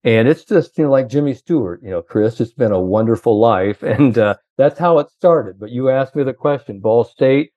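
A man's voice: mid-range voice, expressive, moderate pace, hardly any pauses, dark tone, no room sound, muffled recording. An older man, a sports psychologist, telling long rambling anecdotes full of "you know".

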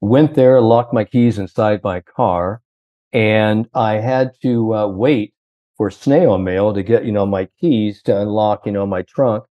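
A man's voice: on the low side, measured pace, no echo, muffled recording. An older man, a sports psychologist, telling long rambling anecdotes full of "you know".

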